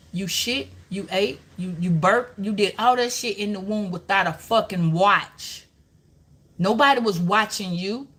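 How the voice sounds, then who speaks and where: Bright-voiced woman, profane and preachy. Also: mid-range voice. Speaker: tarot reader. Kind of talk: live-stream tarot reading.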